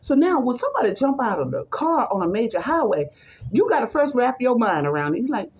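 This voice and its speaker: A woman's voice: a little high, a little fast, husky, muffled recording. A woman telling a personal story in conversation, acting out the voices of the people in it. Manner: animated, acts out the voices in her story.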